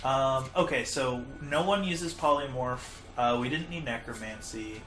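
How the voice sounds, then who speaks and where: A man's voice: mid-range voice, unhurried, fairly bright tone, faint music behind. A man hosting a casual gaming session with friends, chatty and self-deprecating, laughing often. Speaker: host and player. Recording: roomy echo.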